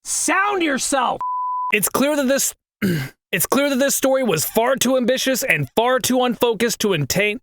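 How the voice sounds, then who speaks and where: High-pitched, animated young man. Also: dry recording. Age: 20s. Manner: swears often, frustrated at his own misreads. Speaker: video game critic. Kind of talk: scripted critique narration with outtakes.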